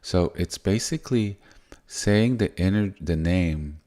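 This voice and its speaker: A man giving a gentle spiritual teaching in a soft, unhurried way that wanders and restarts. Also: sits low.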